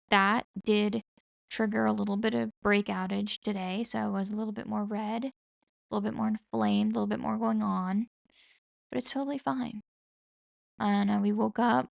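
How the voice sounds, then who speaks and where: Young adult woman, podcast host, strong vocal fry, dry close sound, rambling casual chat, constant "like" fillers, casual swearing. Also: medium pitch, no echo.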